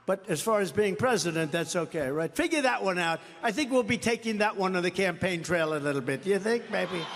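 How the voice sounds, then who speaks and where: An older American man with a fairly high speaking pitch delivers a boastful, mocking rally speech full of repeated phrases. His voice rings out with a long reverb through a large indoor arena. Faint crowd ambience sits underneath. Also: expressive, fairly quick, a bit bright, a little hiss or hum.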